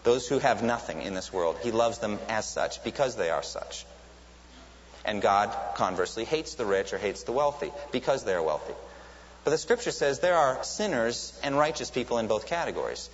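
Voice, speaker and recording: A man's voice: medium pitch, lively intonation, moderate pace. A man preaches a sermon in an earnest, teaching manner, his voice lifting sharply whenever he quotes someone crying out. The sound is lo-fi and a little dull, with a long hall reverb trailing each phrase and a faint hiss underneath. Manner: earnest teaching tone, rises sharply when quoting cries.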